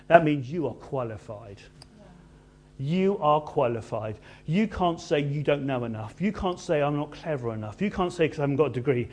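A man preaching a sermon in an animated, conversational way with playful asides. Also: on the high side, moderate pace.

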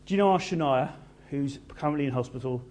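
A man preaching a sermon in an animated, conversational way with playful asides. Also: mid-range voice, fast talker.

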